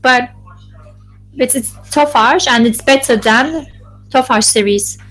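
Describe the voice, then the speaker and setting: A woman interpreting a focus group live, in a halting delivery full of restarts and self-corrections. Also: on the high side, a bit bright, a little hiss or hum, poor audio.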